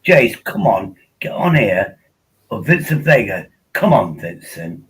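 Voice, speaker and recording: An English man hosts a casual livestream, rambling and joking while tipsy on wine and often repeating himself. His voice is lowish, husky, and sing-song, a little slow, and the recording quality is low.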